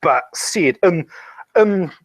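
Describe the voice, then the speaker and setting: A man's voice: sits high, animated, extremely slow. A man hosting a casual online hangout, talking bluntly with plenty of swearing and laughing between points. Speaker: host of a hangout. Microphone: home computer mic.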